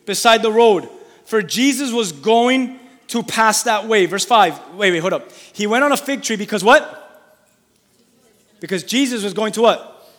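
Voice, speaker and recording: High voiced pastor guy preaching, asks the crowd to answer back, big echoey church hall. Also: moderate pace. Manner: lively, calls for congregation responses, reads scripture aloud. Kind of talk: sermon. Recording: long hall reverb.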